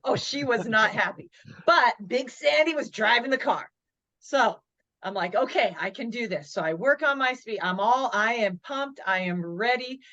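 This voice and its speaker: A woman in her forties, a guest on a podcast interview, telling a personal story in a lively way and acting out her own inner thoughts. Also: on the high side, moderate pace, highs cut off. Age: 40s. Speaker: podcast guest, motivational speaker.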